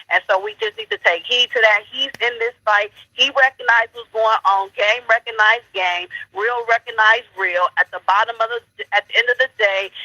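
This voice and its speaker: Woman caller, trash-talking, preachy, bright voice, phone line. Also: fairly high pitch, no echo. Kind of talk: heated call-in commentary.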